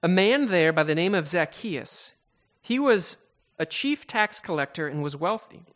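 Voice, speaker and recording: A man's voice: high voice, expressive, measured pace, a bit bright. A man preaching a sermon, retelling a story dramatically with frequent restarts and stammers.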